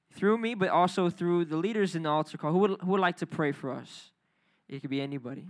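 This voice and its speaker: Male youth pastor, bright high voice, energetic sermon with crowd call-outs. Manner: energetic, calls for crowd responses. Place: church youth service.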